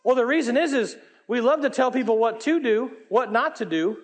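A man preaching a lively sermon as pastor, swinging between loud, high lines and quiet, low asides. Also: a little fast. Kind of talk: energetic sermon.

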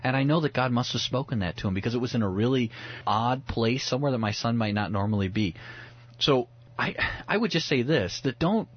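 A man's voice: mid-range voice, animated, fairly quick, husky, dull audio. A man speaking as a pastor and radio guest, teaching on a Bible passage in an earnest, reflective way, often restarting his sentences.

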